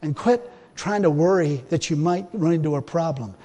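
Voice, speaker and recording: This is a highly animated sermon from a male preacher whose voice sits notably high, delivered a touch slowly. He alternates between loud urging and hushed, wry remarks, laughing along, and the recording rings with long reverb from a spacious hall.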